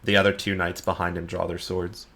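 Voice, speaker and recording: A man narrating as dungeon master in a tabletop game, in a calm, measured way. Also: sits low, vocal fry.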